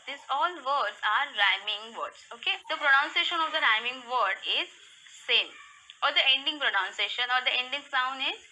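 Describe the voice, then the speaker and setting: A woman teaching young children, reading word lists slowly and deliberately so they can repeat after her. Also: high voice, sharp tone, rough recording. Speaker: primary school English teacher. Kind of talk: slow classroom lesson for young children.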